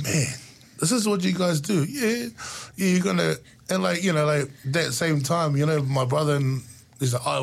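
A man, casually telling stories as a guest and laughing often. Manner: lively, laughs often, jumps into high voices for quoted lines. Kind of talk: casual storytelling chat.

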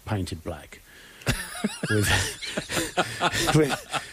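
A man's voice: mid-range voice, very animated, very slow, noisy background. A man born in England co-hosting a music show, telling rambling stories in a playful, casual way. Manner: rambling, playful, does silly voices. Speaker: radio show co-host. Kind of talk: casual chat.

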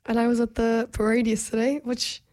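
A woman's voice: on the high side, level tone, fairly quick, darkish tone. A young woman co-hosting a casual political chat, her voice a little strained, talking with many fillers. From New Zealand. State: strained voice after losing it. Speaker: podcast co-host.

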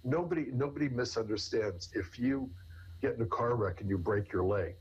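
A man's voice: mid-range voice, normal speed, slightly rough, highs cut off. A man, a therapist, explaining in conversation with everyday examples in an earnest way. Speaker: therapist guest. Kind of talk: conversational interview answers.

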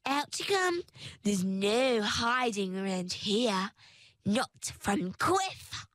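A woman voicing a raspy, whining male wraith gatekeeper in a storybook reading, drawling slowly and sounding self-satisfied. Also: medium pitch, sing-song, a bit bright, dry recording, exaggerated voice. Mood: smug. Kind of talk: storybook narration.

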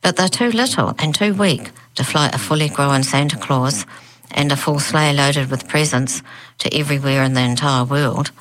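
A woman's voice: low voice, moderate pace, fairly bright tone. A woman voicing a gloomy, weary former Santa Claus who talks in a lackadaisical, sighing way.

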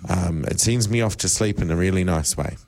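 Low-voiced male presenter reading stories aloud. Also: a little fast, a little mellow. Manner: reads stories aloud with laughing asides and mock panic. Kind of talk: casual chat show banter. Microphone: studio microphone.

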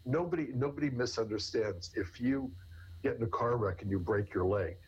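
A man's voice: mid-range voice, normal speed, a little mellow, breathy edge. A man, a therapist, answering interview questions at length in a rambling way, often restarting with repeated words. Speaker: therapist guest. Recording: dull lo-fi recording.

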